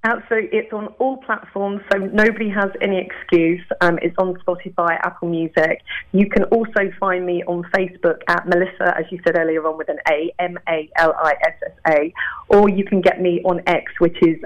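A woman's voice: on the low side, lo-fi sound. A woman with a borderline Cockney London accent, a singer-songwriter chatting enthusiastically as an interview guest. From southeast London, England. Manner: enthusiastic, chatty, many fillers. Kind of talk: interview conversation.

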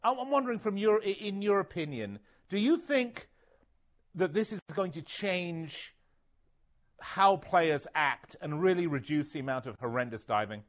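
A man's voice: high voice, lively intonation, a little slow. A man co-hosting a sports talk radio show, exuberant and joking, rambling with fillers in casual chat on a studio mic.

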